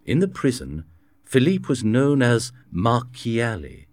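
A man reading a storybook aloud in a slow, clear narration. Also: medium pitch, wildly swooping pitch, darkish tone, dry recording. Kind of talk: scripted narration.

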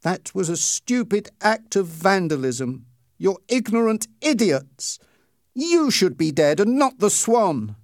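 A man voicing a small, gentle boy who grows angry and pleads, pitched well above his own voice. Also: very animated, slow pace, no room sound, clean studio sound, heavily acted. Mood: angry pleading. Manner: desperate, defiant.

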